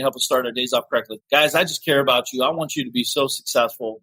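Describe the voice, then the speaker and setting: Forceful, husky-voiced man giving a pep talk. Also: fairly high pitch, no echo, rough recording. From Ohio, USA. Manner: earnest, emphatic, preachy. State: emotional. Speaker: podcast host. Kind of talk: motivational talk.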